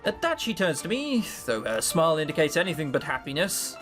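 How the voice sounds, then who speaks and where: A man's voice: on the high side, very animated, fairly quick, hardly any pauses, a bit bright, soft background music. A man reading a visual novel aloud, sarcastic and swearing as he mocks the writing. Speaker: let's play host.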